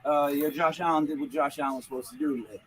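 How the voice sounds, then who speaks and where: A man's voice: on the high side, steady tone, quick pace, breathy edge, poor audio. A man hosting a podcast in a rambling, joking manner, full of restarts. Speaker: podcast host. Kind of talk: casual podcast chat.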